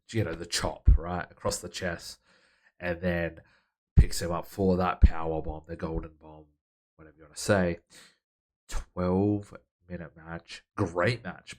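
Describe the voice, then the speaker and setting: Low-voiced man calling game results. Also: unhurried. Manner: relaxed, matter-of-fact play-by-play. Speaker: host. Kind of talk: casual game commentary.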